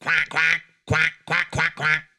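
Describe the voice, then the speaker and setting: A woman's voice: deep voice, monotone, slow pace, bright, forceful tone, pitched below the performer's own voice, exaggerated voice. A woman voicing a puppet duck that answers only in quacks. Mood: insistent. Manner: gruff repeated quacks.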